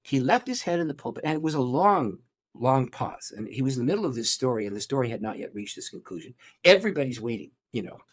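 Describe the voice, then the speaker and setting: A middle-aged male pastor recounts a story in an interview. His pitch sits in an ordinary middle range. He speaks in a lively, animated way, breaking off and restarting his sentences as he goes. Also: fast.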